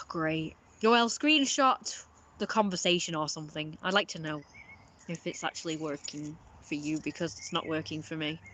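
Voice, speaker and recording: A woman's voice: deep voice, normal speed, pushed and bright, a little hiss or hum. A woman giving casual live-stream commentary, rambling and often repeating herself with filler words.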